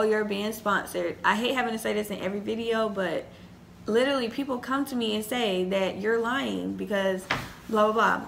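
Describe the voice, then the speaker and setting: A young woman rattles on to her viewers, chatty and easily excited. Her voice sits at a middling pitch, crisp and bright, with a gravelly fry running through it. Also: slight background noise. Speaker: haul vlogger. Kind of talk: casual chat to camera.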